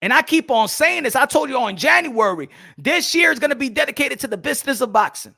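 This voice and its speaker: High, gravelly man ranting loudly. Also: big pitch swings, a little fast. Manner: loud, profane, heated ranting; talks straight to his viewers and chat. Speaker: boxing channel host. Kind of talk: ranting livestream commentary.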